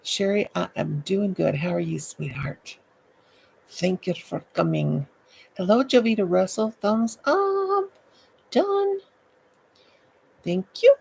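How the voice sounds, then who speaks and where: A woman's voice: fairly low pitch, measured pace, vocal fry, a little mellow, breathy edge, low-quality recording. An older woman hosting a late-night live stream from home, chatty and goofy, greeting viewers by name into her laptop. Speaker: livestream host. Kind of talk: casual live chat with viewers.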